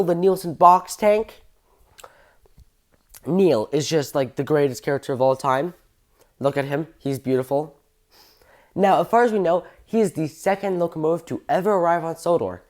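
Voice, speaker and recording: An eager train enthusiast chatting through a casual fan video at a middling pitch. They ramble happily, trip over details and correct themselves mid-sentence. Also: darkish tone. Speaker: train fan channel host.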